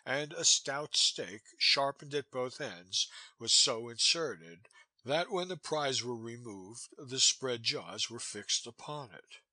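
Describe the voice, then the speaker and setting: A male audiobook narrator with a husky yet sharp, forceful tone. His pitch moves in lively arcs as he reads in a measured, expressive way. The recording is dry and close. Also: no room sound. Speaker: audiobook reader. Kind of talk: scripted narration of a classic novel.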